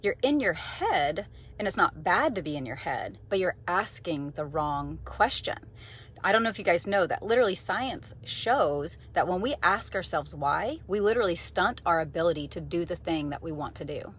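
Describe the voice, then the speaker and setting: A woman's voice: on the low side, animated, normal speed, a bit bright, husky. A woman in her forties talking casually to camera from a car, enthusiastic and conversational, with fillers and restarts. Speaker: vlogger, mindset coach. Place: parked car.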